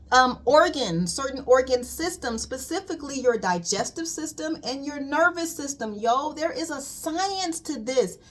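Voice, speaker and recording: A woman's voice: high voice, fairly bright tone. A woman colon hydrotherapist giving a casual spiritual wellness talk, emphatic and repetitive, calling listeners "queen.".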